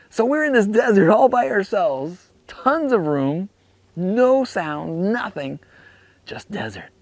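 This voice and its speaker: A young man telling a story to a youth camp audience, animated and dropping to hushed whispers for awe. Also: mid-range voice, vocal fry, no room sound. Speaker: youth speaker. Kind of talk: storytelling talk.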